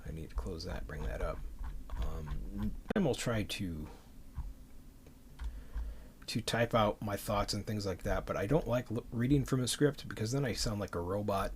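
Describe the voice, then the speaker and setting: A man's voice: on the low side, moderate pace, long pauses, a little hiss or hum. A man streaming to his audience, talking passionately off the cuff with many fillers and restarts, audibly out of breath.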